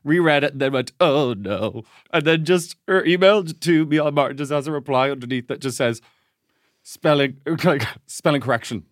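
Relaxed man rambling through a story. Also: fairly high pitch, no room sound, clean studio sound. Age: young adult. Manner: relaxed, halting storyteller with fillers. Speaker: podcast co-host. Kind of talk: casual chat.

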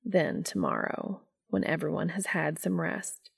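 A calm, gentle man, as a woman puts him on, murmuring quietly and soothingly. His voice is lowish and slow, with a gravelly, breathy texture. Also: heavily acted. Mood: earnest. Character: calm, gentle man, steady and soft-spoken.

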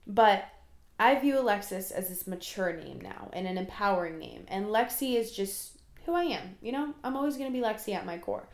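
A young woman in her early twenties rambles through a solo podcast episode, chatty and quick to poke fun at herself. Her voice sits at an ordinary middle pitch. The room around her has a noticeable echo. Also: animated. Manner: rambling, chatty, self-deprecating. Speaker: podcast host. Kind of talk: casual solo podcast monologue.

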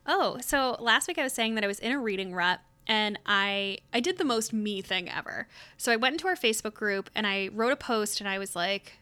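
Bright-voiced young woman, podcast co-host, chatty book talk. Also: medium pitch, animated, a little fast, hardly any pauses, clear, resonant tone. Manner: chatty, upbeat, many filler words. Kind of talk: casual chat about books.

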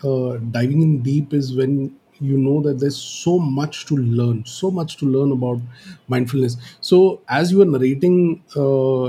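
A man's voice: mid-range voice, dark tone, slight background noise. A man co-hosting a podcast, speaking hesitantly with many fillers as he starts a story. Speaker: podcast co-host. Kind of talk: casual podcast chat.

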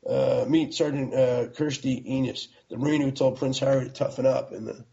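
A man's voice: mid-range voice, fairly even intonation, moderate pace, creaky, dark tone, muffled recording. A middle-aged American man telling the story of starting his magazine in a casual, rambling way, full of fillers and restarts.

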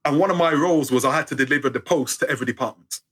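A man's voice: medium pitch, racing, fairly bright tone. A middle-aged British man telling personal stories as an interview guest, acting out the voices of people in them with sarcastic wit. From United Kingdom. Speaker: storyteller guest. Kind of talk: animated personal storytelling.

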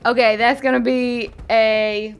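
A woman's voice: fairly high pitch, level tone, unhurried, clear, resonant tone. A woman playing a tabletop game, playful and upbeat, joking with the table. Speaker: player. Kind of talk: casual tabletop play.

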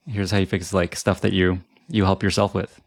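A man's voice: deep voice, little pitch movement, moderate pace, no echo, studio quality. A man hosting a podcast interview, asking curious questions in a casual, loose way with fillers. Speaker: podcast host.

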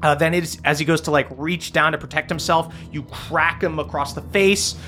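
A man running a tabletop game as game master, narrating fast and loosely, with jokes and fillers. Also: a little high, steady tone, sharp tone, faint music behind.

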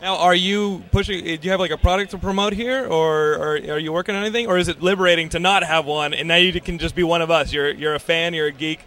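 Joking guy interviewing folks at a con, kinda high voice, teasing. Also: fairly even intonation, fast talker, hardly any pauses, bright, forceful tone. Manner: teasing, playful, laughing. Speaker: convention interviewer. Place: busy convention floor.

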